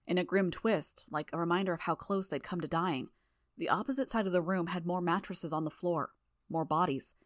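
A woman narrating a first-person story for a fan audiobook in a steady, even way. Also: on the low side, brisk, dry recording, studio quality.

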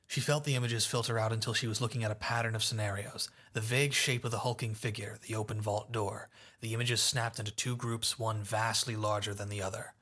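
A man narrating a fan audiobook in a steady, even storytelling manner. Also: fairly low pitch, a little fast.

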